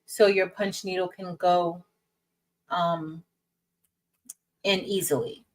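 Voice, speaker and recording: A woman's voice: fairly low pitch, steady tone, takes it slowly, low-quality recording. A woman hosting a casual craft livestream, greeting viewers by name in an upbeat, chatty way.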